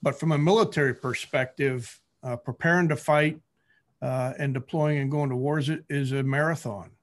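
A man with a mid-range voice answers a question on a call. He speaks in a measured, thoughtful way with a few hesitations. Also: medium pitch, fairly even intonation. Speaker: guest author.

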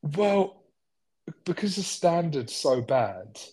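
A man's voice: fairly high pitch, very animated, slow pace, darkish tone, slightly rough. A man, co-hosting a podcast in a rambling, self-mocking casual chat. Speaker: podcast co-host.

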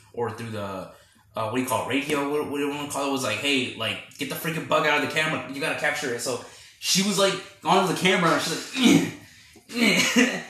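Male podcast host, fairly high and bright, chatty and rambling, echoey room sound. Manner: rambling, animated retelling with quoted reactions. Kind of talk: casual film review chat.

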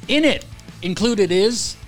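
A male podcast host in casual chat, talking in an animated way with many repeated words and restarts. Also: sits high, slow pace, soft background music. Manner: animated, repetitive, stumbling restarts.

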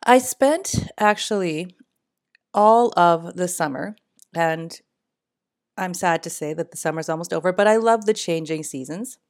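A woman's voice: lowish voice, measured pace. A middle-aged woman, hosting a casual solo podcast in her morning voice, chatty and rambling with frequent laughs. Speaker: podcast host.

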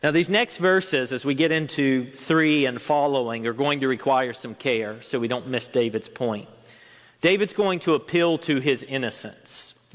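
A man's voice: medium pitch, fairly bright tone, in a large hall. A man preaching a sermon as pastor, earnest, his voice rising to stress each point.

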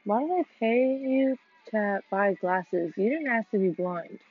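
A woman's voice: medium pitch, animated, a little slow, breathy edge, faint music behind. A woman co-hosting a casual podcast while playing a video game, swearing freely and apologizing often. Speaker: podcast co-host. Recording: dull, lo-fi and dry.

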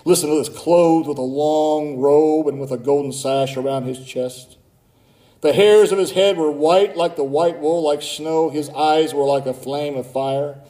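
A man preaching a sermon as pastor, building from low, quiet warnings to high, urgent calls. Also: roomy sound.

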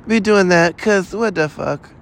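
A man with a fairly high voice delivers a rambling solo podcast monologue. He rants in a loose, profane, exasperated way, stacking asides as he goes. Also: unhurried. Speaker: podcast host.

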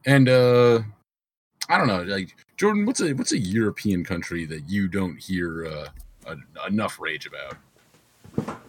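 A man co-hosting a casual podcast chat, laughing often and pausing with fillers. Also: sits low, animated, slight background noise. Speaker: podcast co-host.

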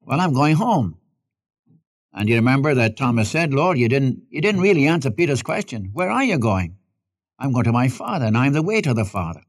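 A man's voice: mid-range voice, sing-song, a little fast. A man preaching a sermon, quoting scripture in old-fashioned wording, repeating key phrases and asking listeners to follow along in their Bibles.

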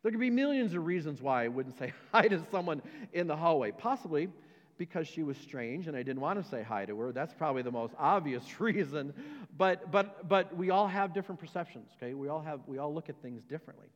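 A man's voice: a little high, lively intonation, fairly quick, long reverb tail, dull audio. A man, a pastor, preaching a conversational sermon with many rhetorical questions and repeated words. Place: church sanctuary.

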